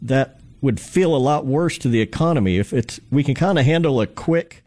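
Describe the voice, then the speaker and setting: A man with a warm, mellow voice co-hosts a radio talk show. He talks casually and works through his thoughts out loud as he speaks. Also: medium pitch, lively intonation, normal speed. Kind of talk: casual conversation.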